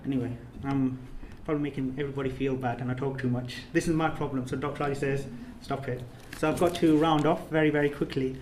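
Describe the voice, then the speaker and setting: A man's voice: mid-range voice, steady tone, quick pace, few pauses, a little mellow, reverberant, a little hiss or hum. A man leading a course, giving an emotional thank-you speech, earnest and repetitive, his phrases rising to emphatic peaks. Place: reception room of an official residence.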